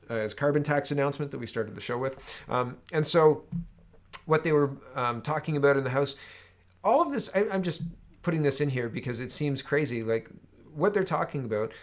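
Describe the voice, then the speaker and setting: Sarcastic man hosting political commentary. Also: medium pitch. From Canada. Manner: sarcastic, reads headlines aloud, frequent "right?".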